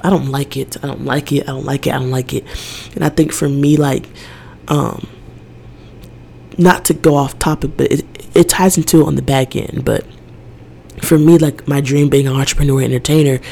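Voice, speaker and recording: With an extremely low, dark voice, fairly even intonation, and normal speed, this young podcast host delivers a casual personal monologue. Gravelly and creaky, she rambles emotionally about her feelings, circling her thoughts and leaning heavily on "like."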